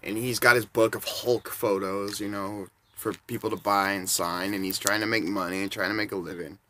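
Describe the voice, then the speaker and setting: Forties male storyteller, casual and rambling, low voice with a bright, forceful edge. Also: little pitch movement, normal speed, a little hiss or hum. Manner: rambling, chuckling between bits.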